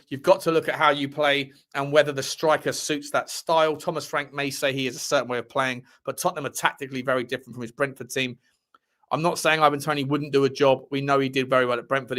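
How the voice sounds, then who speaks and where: Reading transfer news aloud for his casual football fan livestream, the host keeps repeating phrases and adding cheeky asides. He has a mid-range voice with a fairly bright tone.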